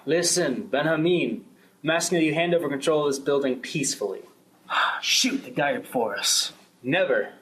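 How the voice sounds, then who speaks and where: Casting: young male student, amateur drama, voices multiple parts, slightly high voice. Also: animated, normal speed, a bit bright, rough recording. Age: young adult. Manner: plays several parts, shifting pitch between characters. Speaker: student performing a class drama. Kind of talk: amateur radio-play acting.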